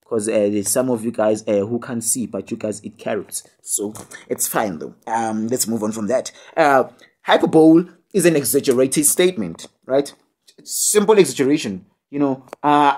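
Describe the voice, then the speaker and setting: A man's voice: medium pitch, normal speed, a little mellow. A young man with a South African accent, giving a casual video tutorial on poetry with many fillers and tag questions, joking and scolding his students. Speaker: online tutor.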